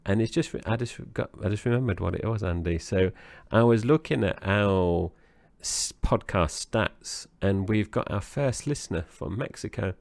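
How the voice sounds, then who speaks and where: A man with a very deep, gravelly voice chats about a film, rambling and hesitating as he goes. The sound is dry and close. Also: normal speed, few pauses, darkish tone, no room sound. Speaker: podcast co-host. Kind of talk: casual film-review chat.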